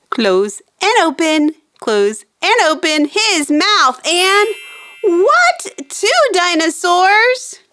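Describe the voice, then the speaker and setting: Woman, kids' toy show presenter: slow, sing-song and excited, voice leaping up and down, dry close sound. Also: high-pitched, no room sound. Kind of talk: playful toy demo for kids.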